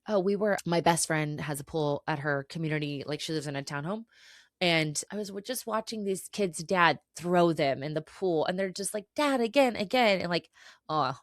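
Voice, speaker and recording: A woman's voice: on the low side, no echo, studio quality. A woman hosting a solo podcast, giving an earnest, emotional pep talk with some swearing. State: tearful at times. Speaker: podcast host.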